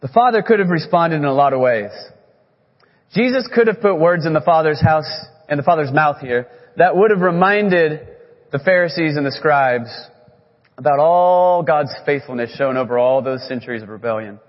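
A man preaching a sermon as a pastor, earnest, leaning on key words with slow, emphatic phrasing. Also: a little high. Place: church sanctuary. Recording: echoey hall, muffled sound.

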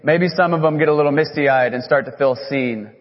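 A man preaching a sermon as a pastor, earnest, leaning on key words with slow, emphatic phrasing. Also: fairly high pitch. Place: church sanctuary. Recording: echoey hall, muffled sound.

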